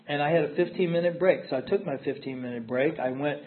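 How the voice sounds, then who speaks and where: A man's voice: fairly high pitch, quick pace. A middle-aged man telling his recovery story at a meeting, candid and emphatic, circling back on repeated phrases. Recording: tinny phone-like audio.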